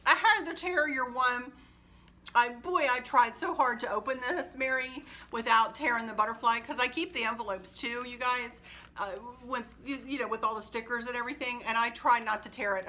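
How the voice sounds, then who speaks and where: Brief: woman decor vlogger, bright tone, gushing and sentimental, quick laughs. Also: on the high side. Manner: warm, gushing and emotional, laughs often. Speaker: home decor channel host. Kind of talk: casual chat to viewers.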